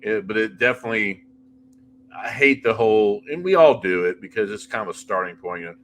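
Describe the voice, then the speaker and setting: A middle-aged man with a low, bright, forceful voice tells ghost-hunting stories in an animated, anecdotal way, restarting sentences as he goes. He talks freely and casually. A faint hiss sits under his voice. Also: fairly quick. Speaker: paranormal investigator guest. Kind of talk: casual interview chat.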